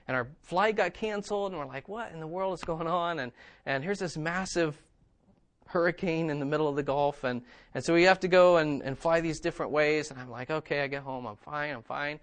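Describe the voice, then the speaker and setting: A man delivers a sermon in a relaxed, conversational way, circling back to the same phrases for emphasis. His voice sits fairly high for a man. He keeps checking in with his listeners through quick asides. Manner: conversational preaching, repeats phrases for emphasis, asks "okay?" and "right?". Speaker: pastor.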